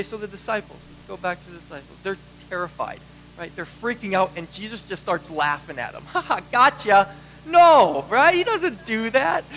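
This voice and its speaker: A man preaching a sermon as pastor, animated and acting out the voices he quotes. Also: sits high, slight background noise, rough recording.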